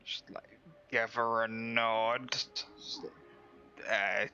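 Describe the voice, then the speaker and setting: Bright-voiced man on a dull lo-fi mic. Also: mid-range voice, level tone, very slow, soft background music. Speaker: player. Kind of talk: tabletop game play.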